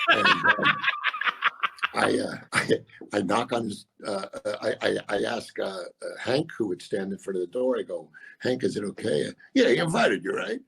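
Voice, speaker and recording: A man in his sixties, a comedian guest, telling stories in casual chat with a gravelly, husky voice and a deadpan delivery. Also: lowish voice. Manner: deadpan storyteller doing quick voices of others.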